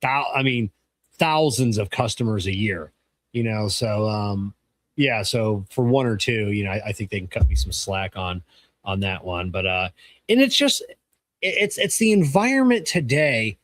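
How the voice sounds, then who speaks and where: A man's voice: on the low side, animated, normal speed, fairly bright tone, no room sound. A man co-hosting a podcast, telling a workplace story as an auto technician in a rambling, casually profane way. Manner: rambling, restarts, casual swearing. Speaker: podcast co-host.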